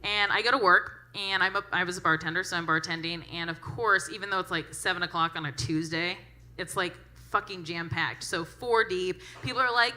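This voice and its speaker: A young woman doing a stand-up comedy set, brash, profane and animated. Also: lowish voice, a little fast.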